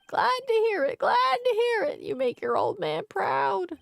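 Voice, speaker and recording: Brief: woman playing a rambling old pasta-shop owner, creaky and high, big swooping lines, video game. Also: huge pitch swings, measured pace, no echo, exaggerated voice. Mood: doting.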